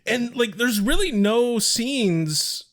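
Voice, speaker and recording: A man's voice: very high-pitched, animated, slow, fairly bright tone. A man co-hosting a podcast in casual chat, explaining at length and swearing freely. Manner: profane, chatty, explains at length. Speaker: podcast co-host.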